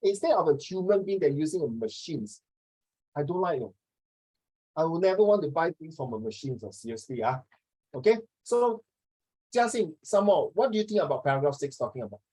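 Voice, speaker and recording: Chatty tutor with a lilt. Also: male voice, fairly high pitch, very animated, brisk, dark tone, breathy edge, rough recording. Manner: chatty, teasing, mixes in Mandarin. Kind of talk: online class teaching.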